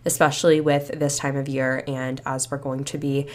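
Young female podcast host, deep-toned, casual and reflective, slightly congested. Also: flat delivery, normal speed. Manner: chatty, reflective, many fillers like "you know" and "like". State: slightly stuffy after a cold, a bit out of breath. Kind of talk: casual solo podcast talk.

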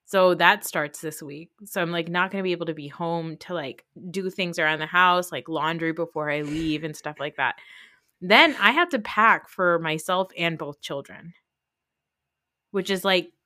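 New jersey lady in her 30s rambling on a podcast, lowish voice, lots of likes and ums. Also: normal speed, sharp tone, no room sound, clean studio sound. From United States. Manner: rambling, chatty, many fillers. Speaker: podcast host. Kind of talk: casual chat.

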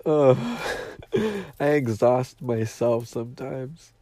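A man's voice: medium pitch, lively intonation, slow pace, warm tone. A man hosting a podcast in a casual monologue, nasal and teary from crying, talking in a profane, dramatic and emotional way. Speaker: podcast host.

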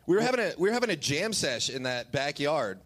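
A man's voice: on the high side, fast, a little hiss or hum. A young man hosting a live comedy show on stage, telling stories and acting out voices. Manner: animated storytelling with acted-out voices. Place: stage before a live audience.

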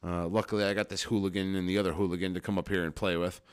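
A man's voice: low-pitched, flat delivery, racing, clear, resonant tone. A man co-hosting a podcast in casual, joking banter with lots of laughter and some swearing. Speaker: podcast co-host. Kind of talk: casual chat. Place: home studio.

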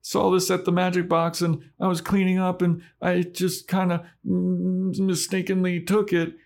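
A man voicing a defensive, whiny teenage girl, pushing his voice up high to plead. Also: monotone, moderate pace, vocal fry, darkish tone. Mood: sheepish.

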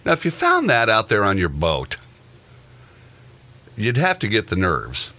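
A man's voice: lowish voice, huge pitch swings, measured pace, pushed and bright. A man hosting a podcast, reading odd news stories and joking about them with a co-host. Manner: reads odd news items then jokes about them. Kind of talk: casual news chat.

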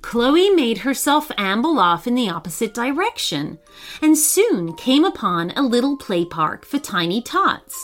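A woman narrating a children's story in a scripted, expressive way with dramatic pauses. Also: fairly high pitch, faint music behind.

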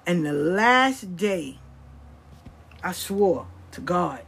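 Recounting her life in frank, foul-mouthed casual storytelling, a middle-aged woman mimics the voices of those she quotes. Her lowish voice swings widely in pitch, stretches out words, and has vocal fry, sounding a bit bright and slightly rough.

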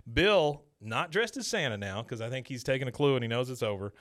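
Male podcast co-host, mid-pitch, chatty recap delivery with filler words. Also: expressive, fairly quick, a bit bright. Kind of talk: casual episode recap.

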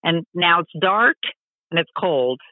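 A woman telling stories as a podcast guest, animated and chatty, acting out the voices of people she quotes. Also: lowish voice, unhurried, dry recording. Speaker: podcast guest, long-distance motorcycle rider. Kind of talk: casual storytelling interview. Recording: tinny phone-like line, dry.

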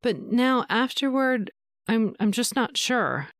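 A shy, uncertain young woman searches for her words in soft, halting phrases, as the narrator voices her. The tone is smooth and clear, recorded dry and close. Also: on the high side, lively intonation, no room sound, pitched above the performer's own voice. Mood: hesitant shy. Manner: hesitant, halting.

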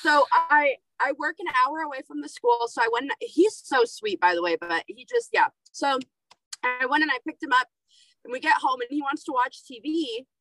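A woman's voice: sits high, normal speed, rough recording. A young adult woman hosting a podcast, telling candid stories about parenting in casual chat. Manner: animated storytelling, candid. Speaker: podcast host.

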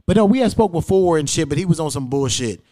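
A young man hosting a podcast, telling a long personal story in casual, profane chat and acting out quotes loudly. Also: a little high, expressive, fast. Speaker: podcast host.

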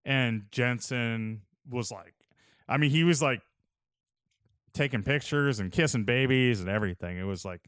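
A young man chats casually and tells stories in a loose, laid-back way. His voice is smooth and clear, at a middle pitch, recorded close and dry with no room sound. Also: moderate pace, a bit bright, no room sound. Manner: laid-back storytelling, lots of "like" and "dude". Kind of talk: casual chat.

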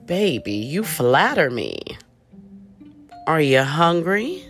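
A woman voicing a flattering, eager male executive boyfriend with a smooth, affectionate manner. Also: sits low, slow pace, faint music behind, exaggerated voice.

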